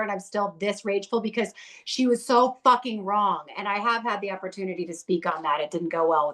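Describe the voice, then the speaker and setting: A woman's voice: fairly high pitch, bright, forceful tone. A woman speaking as a podcast guest, telling her recovery story in a blunt, fiery way full of swearing.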